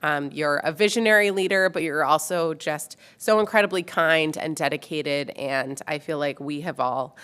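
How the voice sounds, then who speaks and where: A woman with a deep, low voice leads a formal public board meeting. She talks warmly but haltingly, full of small pauses and fillers. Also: clear, resonant tone. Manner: warm, halting, many fillers.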